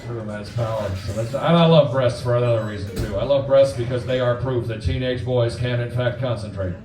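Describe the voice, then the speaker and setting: A man in his forties doing a stand-up comedy set, crude and punchy, acting out quick voices. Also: mid-range voice, background noise. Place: comedy club stage before a live audience. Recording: roomy club sound from a distance, audience laughter.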